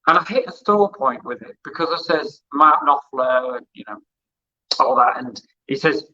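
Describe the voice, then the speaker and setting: A man's voice: medium pitch, animated, normal speed, bright, forceful tone, dull audio. A man who interviews musicians and used to present hospital radio, telling rambling anecdotes in a casual interview and acting out the dialogue he quotes.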